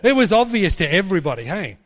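A man preaching with a high voice that carries through a hall with a long reverb. He is animated and playful, slipping into mock voices when he quotes people. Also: quick pace. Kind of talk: sermon.

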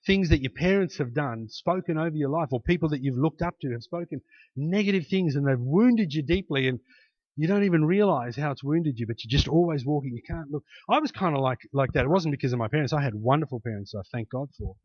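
Man, preacher, conversational sermon, earnest storytelling, slightly raised pitch, dull dry lo-fi sound. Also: lively intonation, fast talker, no echo. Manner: earnest storytelling, acts out quoted voices, builds to emphatic exhortation.

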